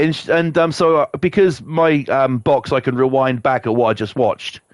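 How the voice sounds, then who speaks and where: A man's voice: steady tone, brisk, few pauses, no room sound. A man streaming to a live chat, ranting angrily and swearing a lot, coughing now and then. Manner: angry, sweary rant with big pitch swings.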